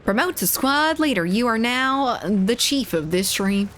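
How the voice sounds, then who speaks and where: A woman's voice: fairly high pitch, lively intonation, fairly bright tone, a little hiss or hum. A woman streams a shooter game and chats casually with her viewers. She talks in a playful, teasing way, reading their messages aloud and bantering between rounds. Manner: playful, chatty, reads chat aloud, quick laughs. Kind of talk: casual live-stream chat while gaming.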